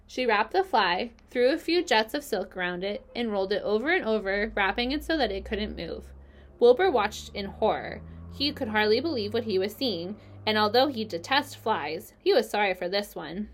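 A woman narrating a children's book aloud in a gentle, steady storytelling manner. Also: medium pitch, normal speed.

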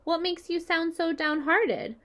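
Storybook: a bright-voiced, excitable young boy pig, wide-eyed and wondering, as a woman puts him on. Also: extremely high pitch, a little slow, pitched above the performer's own voice. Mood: eager. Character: young innocent male pig, eager and excitable.

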